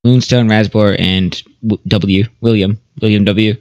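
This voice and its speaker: A man's voice: on the low side, steady tone, unhurried, a little mellow, no room sound, dull audio. A man playing in a tabletop game, talking casually and swearing freely. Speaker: player.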